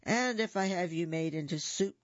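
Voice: mid-range voice, normal speed, no echo, lightly acted. A reader voicing a grumpy, bullying mayor in a storybook read-aloud, with huffy, threatening lines. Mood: grumpy threats. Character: cranky bullying old village mayor. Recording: dull lo-fi recording.

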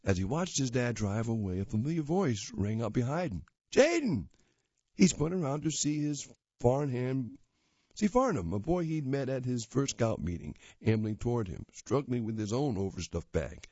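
A man reading a magazine story aloud at a plain, unhurried pace. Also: medium pitch, lively intonation, dark tone, husky, no room sound. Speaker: reader. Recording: dull lo-fi dry recording.

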